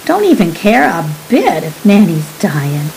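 A woman's voice: on the low side, wildly swooping pitch, measured pace, gravelly, a little mellow, slight background noise, full character voice, poor audio. A woman voicing a chatty young housemaid who drops her h's and gushes. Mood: curious. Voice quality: dropped h's, broad working-class speech. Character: cockney maid Lucy, gossipy and excitable.

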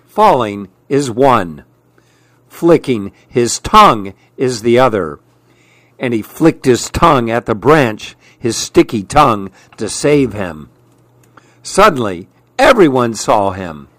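A man reading children's storybooks aloud in a gentle, expressive way with playful emphasis. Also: mid-range voice, slow pace, no room sound.

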